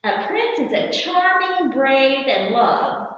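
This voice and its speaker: A wise old turtle who muses out loud, slow and thoughtful, as a woman puts him on. The voice drifts along at an unhurried pace. It sounds distant and muffled in a large echoing room. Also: sits high, big pitch swings, heavily acted. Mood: musing. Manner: ponderous, musing. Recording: far-off echoey hall, muffled.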